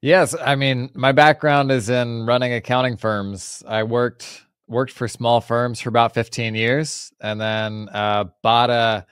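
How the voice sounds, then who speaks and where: A man in his forties from the United States talks as a podcast guest over a video call, relaxed and chatty, with plenty of "like"s. His voice is smooth and clear, and it sounds dry and close with no room echo. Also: medium pitch, unhurried, few pauses. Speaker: podcast guest, former firm owner. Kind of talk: casual interview talk.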